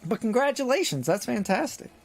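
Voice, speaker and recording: A man streaming a game live, chatting in a relaxed, casual way with fillers. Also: extremely high pitch, brisk, vocal fry, soft background music. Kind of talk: casual live gaming chat.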